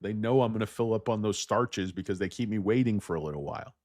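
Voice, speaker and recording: Very deep-voiced man with a dry sound. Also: fast talker, no echo. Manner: crude, self-mocking, riffs into jokey tangents; rattles off stock moves in a flat list. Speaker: stock market show host. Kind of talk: rambling casual market chat.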